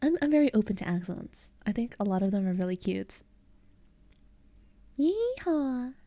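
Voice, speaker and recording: Mellow-voiced giggly American streamer woman. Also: mid-range voice, animated, quick pace, dry recording. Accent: Eastern American. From United States. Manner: giggly, chatty, answers chat messages. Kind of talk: casual chat with live chat.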